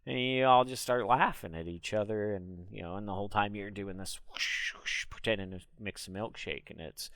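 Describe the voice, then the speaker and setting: A man streaming a casual solo talk, rambling and breaking into loud laughs to demonstrate. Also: fairly low pitch, brisk, hardly any pauses, no echo.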